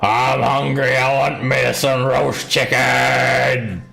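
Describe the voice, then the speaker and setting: A man voicing a very drunk male tavern patron who talks in a slow, drawn-out, loud way. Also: mid-range voice, little pitch movement, vocal fry, voice pushed up, heavily acted. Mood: drunken.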